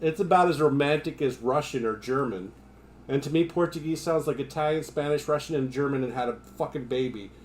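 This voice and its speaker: A man's voice: medium pitch, brisk, a little hiss or hum. Profane ranting male live streamer. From United States. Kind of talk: casual live-stream chat.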